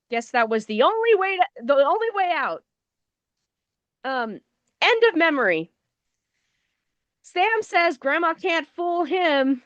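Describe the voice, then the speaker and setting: A woman with a high, slightly bright voice co-hosts a movie review show, recapping the plot in a casual, wry, sarcastic way and swearing offhandedly. There is no room sound.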